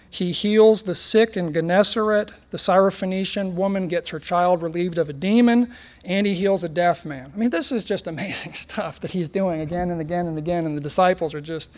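A man with a high voice preaches a relaxed sermon. He reads scripture, then turns to the congregation with direct questions and light jokes. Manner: conversational preaching with rhetorical questions and humor. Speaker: pastor.

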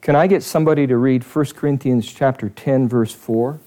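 Guy pastor running a bible study, mid pitch, keeps asking the room questions. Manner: animated, questioning the room, speeds up and slows down. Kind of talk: interactive Bible teaching.

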